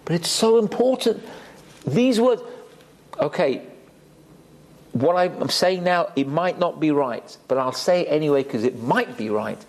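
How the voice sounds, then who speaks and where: A man's voice: on the high side, expressive, unhurried, long pauses, darkish tone. A man giving an emphatic Torah class, dropping Hebrew terms into his talk. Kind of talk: sermon. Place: community synagogue hall.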